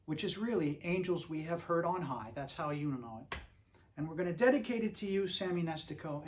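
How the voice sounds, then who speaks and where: A middle-aged man from Pennsylvania introduces the next song at a concert show. His voice sits a bit higher than most men's, and he wanders through his story with many ums and uhs. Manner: rambling storyteller with frequent fillers. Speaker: host and trumpet player. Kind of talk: casual spoken introduction at a livestreamed concert.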